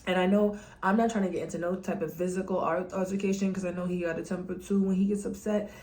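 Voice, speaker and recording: A young woman talks straight to her camera, venting about her life in a candid, animated way. Her voice sits a little low for a woman. She often slips into mocking voices for the people she quotes. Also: fast. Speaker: vlogger.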